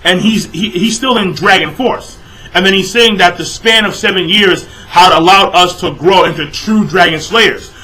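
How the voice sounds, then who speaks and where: In a rough recording, a young man rants about a manga chapter, exasperated and casual, cursing nonstop and leaning on filler words. His voice sits high, pushed and bright, at a normal speed.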